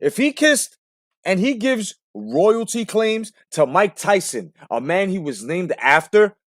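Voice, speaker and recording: A man's voice: sits high, big pitch swings, slow pace, fairly bright tone, no echo, studio quality. Profane, ranting boxing talk-show host man. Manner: profane, ranting, emphatic with rhetorical questions. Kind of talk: heated late-night boxing talk show.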